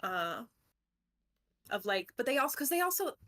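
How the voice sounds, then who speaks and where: A woman's voice: on the high side, sing-song, moderate pace, fairly bright tone. A young woman co-hosting a book club podcast. She talks casually, rambles, laughs often and swears. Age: young adult.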